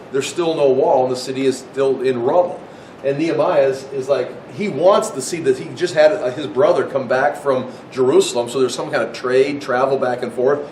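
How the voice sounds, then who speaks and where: An American man giving a casual Bible history lecture, rambling with restarts and asides. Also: a little mellow. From United States. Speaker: Bible teacher. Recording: echoey room, mic far off, faint rumble.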